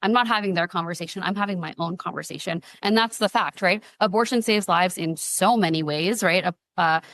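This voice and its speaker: A woman's voice: fairly low pitch, fairly quick, fairly bright tone, no echo. A young woman guest on a podcast, speaking earnestly in casual chat with many fillers. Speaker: guest, advocacy founder.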